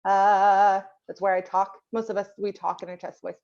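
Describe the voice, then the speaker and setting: A woman's voice: mid-range voice, little pitch movement, normal speed, a little mellow, muffled recording. A woman voice teacher leading an online group lesson over a video call, patiently asking the class questions and waiting for answers.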